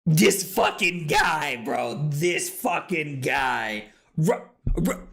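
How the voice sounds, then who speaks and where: A tipsy male streamer hosts a tournament broadcast, loud and excitable, with a bright, cutting tone. His pitch swings wildly between low mutters and high yelps. He laughs often and swears freely into a streaming mic. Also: slow pace, vocal fry. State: tipsy from drinking. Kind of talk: casual livestream commentary. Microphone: streaming microphone.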